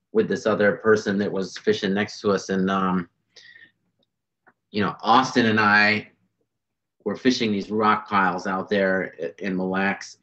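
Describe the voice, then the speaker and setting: A man telling fishing stories in a casual podcast chat, animated and full of fillers. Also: fairly low pitch. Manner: animated, fast storytelling with fillers. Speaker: podcast guest, bass angler. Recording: dull lo-fi sound.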